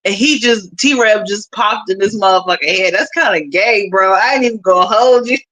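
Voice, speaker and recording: A woman's voice: mid-range voice, normal speed, fairly bright tone, rough recording. A young woman hosting a casual livestream chat. She talks bluntly, swears freely and laughs often. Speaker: livestream host.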